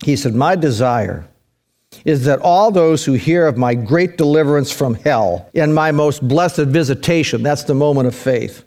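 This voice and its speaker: A man's voice: fairly high pitch, animated, moderate pace, darkish tone. A middle-aged male pastor preaching a sermon, emphatic, with his voice swinging up and down for emphasis.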